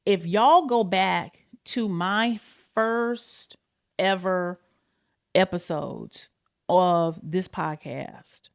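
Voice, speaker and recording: A woman's voice: extremely slow, gravelly. Candid, swearing woman podcast host. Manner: candid, swears freely, addresses listeners as y'all; animated, pitch and pace swing widely. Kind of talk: casual confessional talk.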